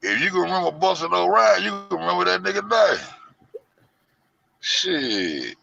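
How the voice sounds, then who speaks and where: Man, gravelly, mocking, profane rant, muffled lo-fi audio. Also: high voice, very animated, normal speed, a crowd in the background. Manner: loud, profane, heavy slang, mocking. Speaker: show host. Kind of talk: profane rant to an online audience.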